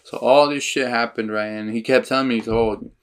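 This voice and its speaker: A man's voice: medium pitch, normal speed, clean tone. A young adult man telling a story in a casual podcast chat, slangy and full of profanity. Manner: profane storytelling, slangy and animated when quoting others. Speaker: podcast co-host.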